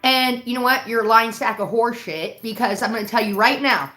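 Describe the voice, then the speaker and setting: A woman's voice: a little high, brisk, bright, forceful tone, faint music behind. A woman livestreaming, telling a heated story in casual, profane bursts. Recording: roomy echo.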